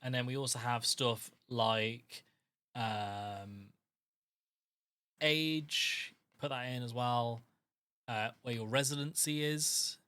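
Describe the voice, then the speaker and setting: A man with a bright, forceful voice runs a tabletop horror game as game master. He explains rules and character sheets at a middle pitch, pausing often with ums. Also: fairly even intonation, no room sound. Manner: hesitant, lots of ums.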